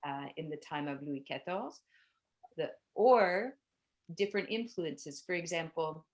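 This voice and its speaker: Low-voiced chatty woman tour guide. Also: expressive, a little slow, a little mellow. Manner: chatty and explanatory, frequent "um" and "like". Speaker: bike tour guide and language teacher. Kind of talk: casual virtual tour presentation.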